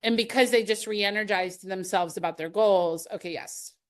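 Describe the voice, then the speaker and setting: A woman's voice: medium pitch, normal speed. Woman, middle-aged, sales trainer, live webinar, upbeat, conversational, anecdotal. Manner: upbeat, conversational teaching with anecdotes and light laughs.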